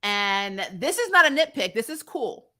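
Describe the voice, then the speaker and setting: A woman's voice: a little high, big pitch swings, moderate pace, pushed and bright. A woman giving a casual, snarky recap of a TV episode, acting out the characters' lines and laughing as she goes. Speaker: TV episode reviewer.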